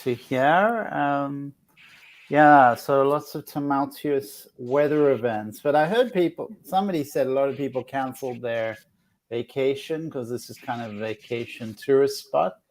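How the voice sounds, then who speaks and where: A man's voice: medium pitch, measured pace. A man hosting a casual spiritual chat, talking in a reflective, earnest way with many restarts. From outside the United States. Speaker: host.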